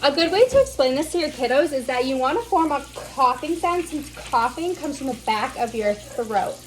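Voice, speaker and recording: A woman teaching as a speech therapy instructor, slowly over-enunciating the sounds she models. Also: high voice, expressive, a little hiss or hum, low-quality recording. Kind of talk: instructional demonstration.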